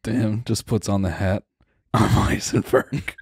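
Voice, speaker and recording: A man's voice: fairly low pitch, fairly even intonation, slow pace, vocal fry, a little mellow, breathy edge, dry recording. A young man co-hosting a comedy podcast, laid back, laughing and tossing in jokes. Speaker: podcast co-host. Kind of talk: casual comedic chat.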